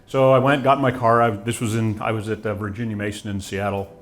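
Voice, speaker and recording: A man's voice: on the low side, flat delivery, fast. A man in his forties giving an earnest, reflective personal testimony, with frequent restarts. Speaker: guest telling his story.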